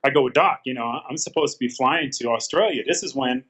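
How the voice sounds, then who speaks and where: Fairly quick and a bit bright, this man's medium-pitched voice carries a slight roughness. He's in his fifties, a guest on an interview, candidly telling a tough personal story riddled with fillers and restarts. The sound quality is dull and lo-fi.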